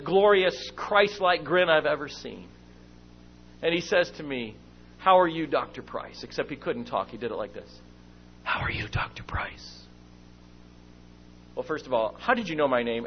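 Speaking at normal speed in a slightly high voice, a middle-aged man at a church meeting preaches and recounts a family story, acting out scenes along the way. His lively delivery includes performed shouts and whispers, part of a sermon with personal stories on a dull lo-fi recording with a faint hum.

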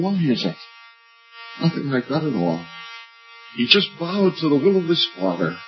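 An older male preacher giving an earnest evangelistic sermon at a church meeting, climbing high on questions and dropping low and soft on key lines. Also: sing-song, moderate pace, vocal fry. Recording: muffled lo-fi recording with faint music.

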